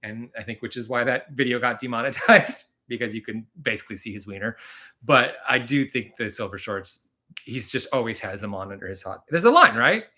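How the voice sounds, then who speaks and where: A man's voice: medium pitch, lively intonation, brisk, sharp tone. A man hosting a casual live stream, chatting and rambling, laughing often as he talks.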